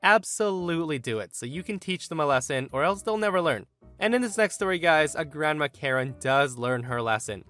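A man with a bright, forceful voice reads a story aloud, his pitch swooping up and down as he acts out the quoted lines. Soft music plays underneath him. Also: expressive, brisk. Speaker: story narrator. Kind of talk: reading a reddit story aloud.

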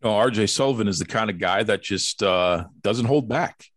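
A man's voice: fairly low pitch, normal speed, fairly bright tone, no echo, studio quality. A man hosting a podcast in casual interview chat, jokey and teasing in playful banter. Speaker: podcast host. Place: home studio in Boston.

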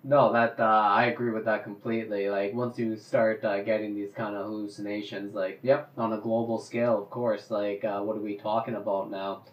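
A man telling a story in casual chat, getting animated and loudly acting out the people he quotes. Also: fairly low pitch, moderate pace, hardly any pauses. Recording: roomy, dull lo-fi sound.

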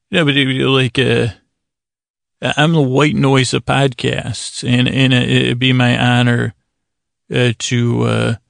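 Male sleep podcast host, heavy vocal fry, dry close mic, meandering wry chat. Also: mid-range voice, dry recording. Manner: stammering, self-interrupting, wry. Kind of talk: rambling casual monologue.

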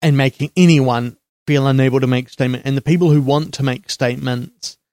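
A man hosting a casual film podcast, chatty, with quick asides and jokes. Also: medium pitch, steady tone, darkish tone, no echo, studio quality. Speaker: podcast host.

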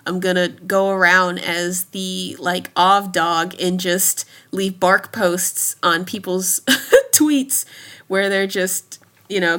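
Woman, 30s, bright voice, easygoing podcast guest, laughs a lot. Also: mid-range voice. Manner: chatty, laughs often between thoughts. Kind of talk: casual chat.

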